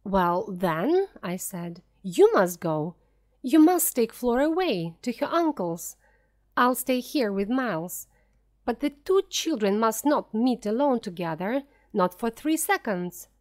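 A woman reading a simplified story aloud as a first-person narrator, clear and deliberate. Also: a little high, big pitch swings, a little mellow. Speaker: audiobook reader.

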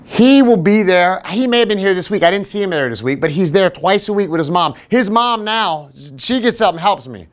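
Man, fitness podcast host, animated self-deprecating storyteller, very lively pitch. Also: brisk, few pauses. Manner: animated, self-deprecating, acts out quoted voices. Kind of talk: casual anecdotal storytelling.

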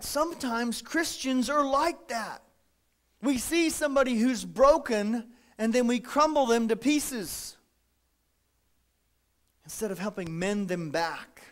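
A man preaching a folksy, animated sermon as pastor, acting out little quotes. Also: high-pitched.

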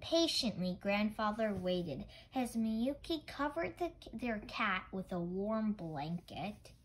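A woman reading a children's storybook aloud gently and carefully, with occasional stumbles. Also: medium pitch, big pitch swings, slow pace, a little hiss or hum, rough recording. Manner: gentle, careful, small misreadings. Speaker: storybook reader.

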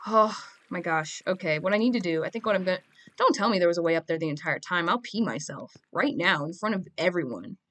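A woman's voice: fairly low pitch, expressive, quick pace, a bit bright. A teenage girl giving casual, goofy gameplay commentary, chatting and rambling to her audience. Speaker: gamer.

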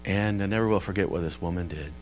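A male pastor preaching a sermon at a church service, telling a story and moving between hushed and emphatic delivery. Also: sits low, fast talker, a little hiss or hum, rough recording.

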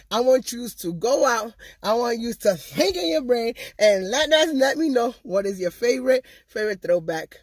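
A woman's voice: fairly high pitch, slightly rough, dry recording. Chatty woman vlogger, dry sound. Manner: chatty, talkative, loves to gab. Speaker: vlogger and channel host. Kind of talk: casual vlog chat to viewers.

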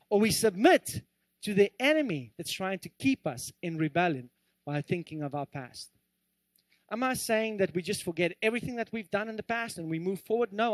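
A male pastor preaching an earnest sermon with animated delivery and joking asides. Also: high-pitched, no room sound. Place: church.

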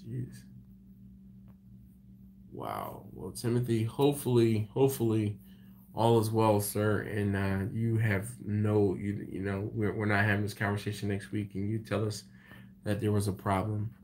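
A man hosting a live stream, reading viewer comments and chatting casually. He tells stories with animated energy and frequent laughs. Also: on the low side, a little slow, vocal fry, a little hiss or hum. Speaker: BBQ channel host on a livestream.

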